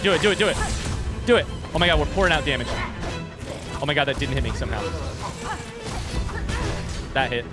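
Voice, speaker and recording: A man streaming a video game, commentating live with excitable yelps and repeated chants, with game music under him. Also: medium pitch. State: out of breath.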